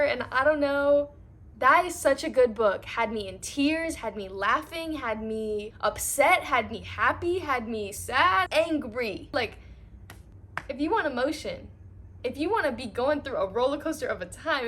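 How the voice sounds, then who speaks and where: A young woman talking casually and gushing about books, with lots of filler words. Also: on the high side. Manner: gushing, filler-heavy chatter. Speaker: book reviewer. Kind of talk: casual reading recap.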